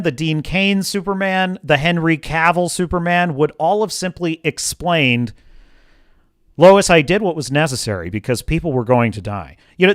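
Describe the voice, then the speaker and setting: A passionate, opinionated man hosts a livestream and riffs on films in a smooth, resonant voice that sits a little high. His close mic gives a dry, intimate sound. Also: fairly bright tone, no echo. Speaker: livestream host. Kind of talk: casual film commentary.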